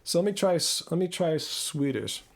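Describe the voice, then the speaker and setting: A man's voice: a little high, expressive, normal speed, gravelly, a little hiss or hum. A man from Southern California hosting a live Q&A stream, chatting casually with his viewers, laughing often and stumbling over repeated words as he restarts his sentences. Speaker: host. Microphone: own microphone.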